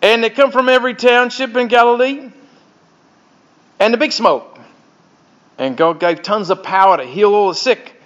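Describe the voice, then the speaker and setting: A man putting on a loud Aussie yarn-spinner. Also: high voice, moderate pace, pauses often. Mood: hearty. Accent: Australian, put on. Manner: boisterous, punchy, slangy. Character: hearty Australian male yarn-spinner. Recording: dull lo-fi recording.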